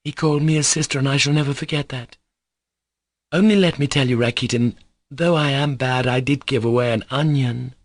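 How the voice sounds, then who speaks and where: A man performs an impulsive young woman in a classic novel reading, her voice lifted higher than his own. She pleads and scolds with heated emotion. The sound is close and dry. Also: fairly quick, dry recording, natural voice.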